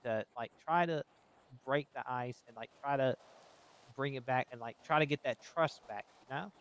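Calm, smooth-voiced peacemaking man. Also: medium pitch. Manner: calm, conciliatory, measured. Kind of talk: in-character group argument.

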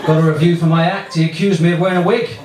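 A man with an English accent doing a stand-up comedy set in a small club, deadpan and offhand, chatting with the crowd. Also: a little high, very fast. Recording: echoey comedy club with loud noise.

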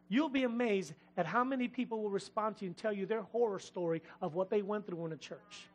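A middle-aged man preaching a lively sermon in a church, joking with the congregation between points. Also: high-pitched, brisk, few pauses. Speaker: pastor.

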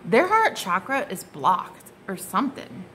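A woman's voice: medium pitch, sing-song, unhurried, bright, forceful tone, a little hiss or hum. A woman giving a casual, gushing tarot reading to her viewers, exclaiming and swearing freely as she turns the cards. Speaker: tarot card reader.

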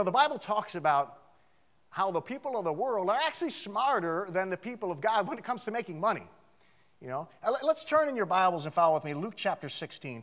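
A man preaching a sermon in a church, animated, swinging from loud outcries to hushed asides. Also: a little high. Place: church sanctuary.

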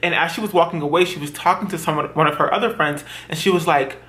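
A man's voice: fairly high pitch, fast, bright, forceful tone. A young adult man chatting through a hair tutorial, dramatic and self-mocking as he tells embarrassing stories. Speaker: beauty vlogger. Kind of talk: chatty get-ready-with-me storytime.

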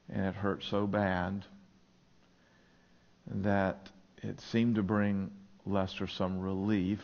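A male pastor preaching a sermon in a church, telling stories in an earnest way. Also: sits low. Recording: dull lo-fi sermon recording.

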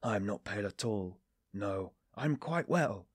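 A man reading an audiobook, voicing a nervous young man who strains to sound calm. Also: lowish voice, moderate pace, slightly rough, no echo, clean studio sound. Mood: tense. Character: nervous, guarded young man hiding guilt.

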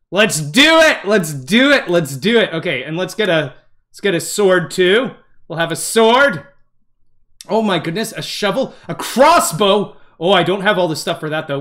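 A young man streaming a game live to his chat, excitable and jumpy, repeating himself in bursts when scared. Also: high-pitched. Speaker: gaming streamer. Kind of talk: live gameplay commentary.

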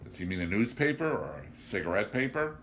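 A man's voice: fairly low pitch, big pitch swings, brisk, fairly bright tone, slight background noise, pitched above the performer's own voice. A man voicing a hotheaded vagabond who speaks bluntly and accusingly.

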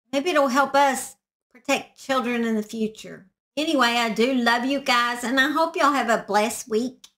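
A woman's voice: high-pitched, pushed and bright. A woman telling a true crime story in a casual, rambling way, often sidetracked. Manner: chatty, rambling, easily sidetracked. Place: backyard shed.

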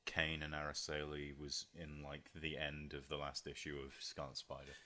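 A man's voice: a bass voice, completely flat delivery, normal speed, bright, forceful tone. A young British man co-hosting a casual podcast chat, laid-back and joking, often trailing off. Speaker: podcast co-host.

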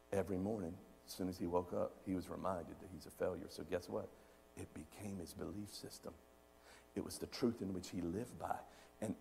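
A male preacher giving a sermon, repeating phrases emphatically and swinging between loud peaks and quiet, low stretches. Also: gravelly, long reverb tail, a little hiss or hum.

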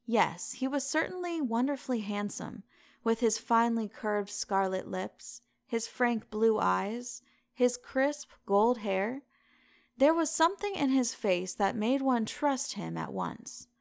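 A woman narrating an audiobook in a steady, measured reading style. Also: on the high side, creaky, dry recording. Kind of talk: scripted narration.

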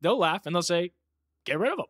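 A man's voice: sits high, sing-song, brisk, fairly bright tone, husky, dry recording, studio quality. Easygoing joking man on a podcast. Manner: easygoing, joking, acts out quotes. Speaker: podcast co-host. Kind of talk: casual chat.

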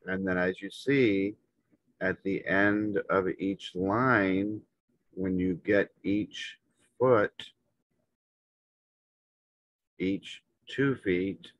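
Man, teacher type, lower voice, very slow and broken into short phrases, dry muffled lo-fi sound. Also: a bit bright, no echo. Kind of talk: instructional walkthrough. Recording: dull, muffled lo-fi audio.

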